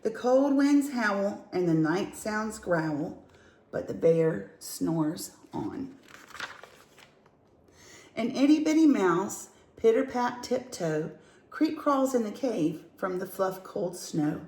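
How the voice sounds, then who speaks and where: Woman storyteller, slow and sing-song, echoey room. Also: mid-range voice. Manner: lively, sing-song rhymes. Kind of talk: reading a picture book aloud.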